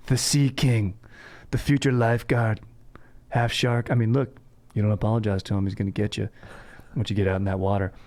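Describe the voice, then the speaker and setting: A man's voice: fairly low pitch, flat delivery, moderate pace, darkish tone. A young man hosting a podcast in laid-back, slangy casual chat, peppering his talk with "dude". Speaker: podcast host.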